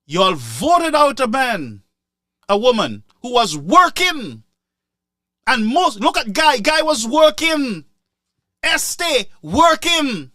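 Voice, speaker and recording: A man delivers heated political commentary in a high, bright voice. He scolds his listeners and hammers his points home through repetition and sarcasm. He speaks at an unhurried pace into a dry, close microphone. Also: very animated, no echo.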